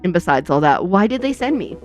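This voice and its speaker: A woman voicing an anxious young woman investigator as she reads game dialogue aloud, talking in worried, quick self-questions. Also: on the low side, big pitch swings, a little mellow, faint music behind.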